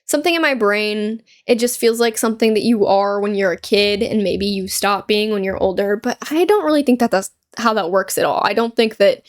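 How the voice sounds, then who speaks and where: A woman's voice: mid-range voice, a little fast, hardly any pauses. A young woman chatting casually over a gameplay video, rambling through stories with lots of fillers and laughter. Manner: rambling, animated storytelling with frequent "like" and laughs. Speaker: gaming YouTuber; store cashier.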